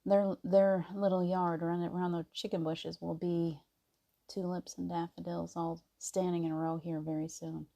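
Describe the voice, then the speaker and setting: A gentle woman hosts a casual live stream and chats with viewers, greeting each one by name. Her voice sits a little low and has a gravelly edge, with a warm, mellow tone. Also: flat delivery, normal speed. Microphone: device mic on a video stream.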